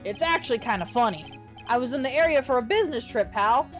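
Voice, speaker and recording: A woman voicing a gruff, friendly male police detective in a loud, casual manner, reading video game lines. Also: on the high side, expressive, fast talker, faint music behind, close to an everyday voice. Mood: hearty. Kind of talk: playing a game's dialogue aloud.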